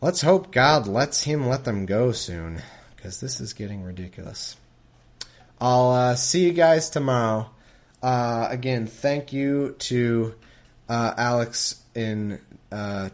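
A man's voice: medium pitch, slow. A man hosting a casual podcast, reading scripture aloud and commenting on it in a sarcastic, exasperated way. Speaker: podcast host.

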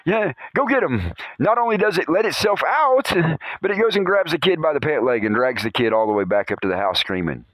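A man spins casual, rambling stories as the host of his own podcast, chuckling as he goes. His pitch rises and falls a lot as he talks. The sound is dry, with no room echo. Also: brisk. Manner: animated, chuckles often, rambling asides. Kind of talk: casual anecdotal storytelling.

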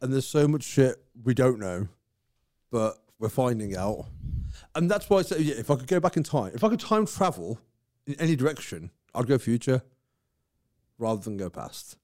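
A man's voice: medium pitch, big pitch swings, moderate pace, dark tone. A man co-hosting a podcast in casual chat, rambling and swearing freely. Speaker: podcast co-host.

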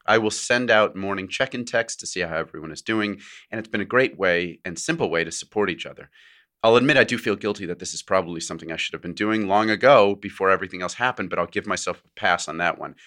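A man's voice: low-pitched, quick pace, bright, forceful tone. A man co-hosting a podcast, chatting casually and reading a listener's letter aloud with joking asides and frequent laughs. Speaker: podcast co-host.

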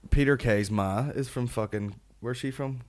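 A man's voice: medium pitch, moderate pace, darkish tone. A man with a Northern Irish accent hosting a comedy podcast, rambling and swearing as he rants. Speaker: podcast host.

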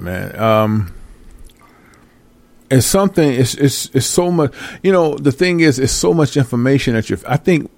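A man with a gravelly, fry-laden voice rants through a casual talk show, exasperated and swearing freely. He breaks into laughter often, and the sound is close and dry. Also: mid-range voice, darkish tone, no echo. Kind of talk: casual ranting commentary.

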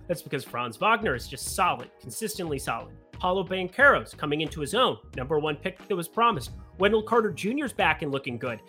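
A man hosting a casual sports betting show, chatting through his picks with joking asides about himself. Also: high-pitched. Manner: animated, chatty, with self-mocking asides.

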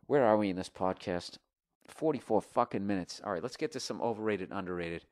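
A man hosting a comedy podcast, ranting with heavy swearing and swinging between loud outbursts and muttered asides. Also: lowish voice, fairly quick. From United States. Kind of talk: ranting comedy podcast, reading listener emails.

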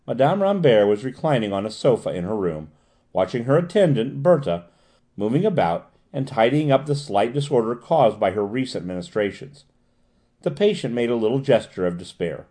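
Mellow-voiced male audiobook narrator. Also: medium pitch, very animated, normal speed. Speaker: audiobook reader. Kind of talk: scripted narration.

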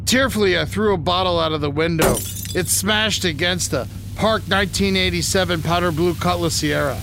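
Deadpan mock-heroic storyteller, man, high voice. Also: moderate pace, vocal fry, background noise. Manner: mock-dramatic, deadpan narration with sudden shouts. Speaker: guest preacher telling a comic story. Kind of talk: deadpan comic storytelling over music. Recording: music bed behind the voice.

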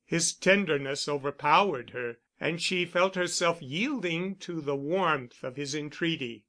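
A man narrating a novel as an audiobook reader, in a measured, even storytelling manner. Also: fairly high pitch.

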